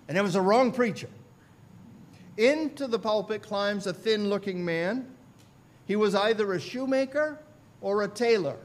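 A male pastor narrates a story from the pulpit, building his points through repetition. He speaks slowly and deliberately. His voice sits high for a man. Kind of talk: sermon storytelling.

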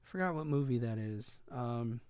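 Rambling, cursing man with a smooth voice. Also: medium pitch, expressive, normal speed, a little mellow, no echo, clean studio sound. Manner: rambling, profane, many fillers and restarts. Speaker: commentator. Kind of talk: casual commentary.

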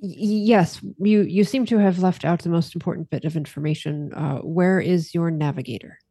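A woman's voice: lowish voice, steady tone, moderate pace, warm tone, husky, dry recording, clean studio sound. A woman voicing a stern, cold warrior nun who speaks in curt, clipped lines.

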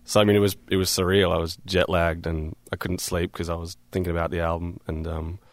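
An Australian musician from Perth talking loosely in a radio studio interview, with lots of fillers and easy laughter. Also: male voice, low voice, level tone, a little fast, dry recording. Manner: laid-back, rambling, many fillers and laughs. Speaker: guest musician.

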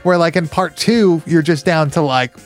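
A man's voice: fairly high pitch, normal speed, faint music behind. Laid-back swearing podcast host, man. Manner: laid-back, swears freely, many fillers. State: hiccups. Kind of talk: casual chat.

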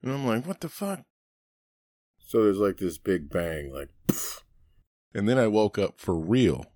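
A man's voice: lowish voice, animated, a little slow, warm tone, dry recording, studio quality. A middle-aged man on a podcast, casually telling rambling stories full of swearing and laughter. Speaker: podcast host. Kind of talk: casual storytelling chat.

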